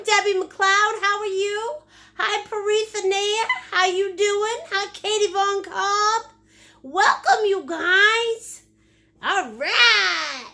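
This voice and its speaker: A woman's voice: extremely high pitch, sharp tone. A woman hosting a live paint-along class, bubbly and silly, greeting viewers by name and teasing playfully. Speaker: painting instructor and host.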